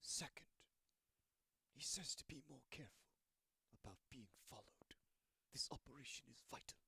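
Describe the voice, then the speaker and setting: Man putting on a hushed, whispering wind-talker creature. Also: medium pitch, normal speed, vocal fry, slightly rough, no echo, exaggerated voice. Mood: whispered urgent. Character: nervous male wind-talker creature with twitching ears.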